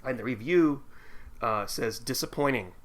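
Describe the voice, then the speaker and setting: A man's voice: medium pitch, expressive, moderate pace, sharp tone. A man co-hosting a casual podcast chat, reading listener mail aloud with his own asides. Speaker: podcast co-host.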